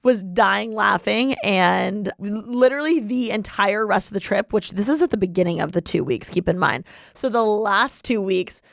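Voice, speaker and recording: A twentysomething woman living in LA hosts a podcast, chatting casually at a moderate pace with few pauses. Her medium-pitched voice has vocal fry, and she's bubbly and giggly with lots of filler words. The sound is studio quality with no room sound.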